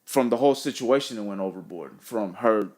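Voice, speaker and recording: Man podcast co-host, slightly low voice, easygoing storyteller. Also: fairly quick. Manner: relaxed storyteller, says "man" a lot. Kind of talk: casual chat.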